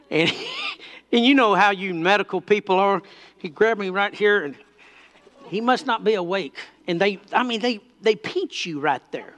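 A man's voice: sits high, a little slow, pushed and bright. A man preaching a sermon, telling a personal story that builds into fervent declarations.

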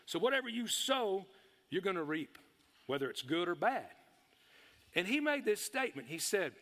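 Man, middle-aged, sermon, excitable, folksy, reverberant church hall. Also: sits high, moderate pace. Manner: excitable, folksy, shouts bursts of praise. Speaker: preacher.

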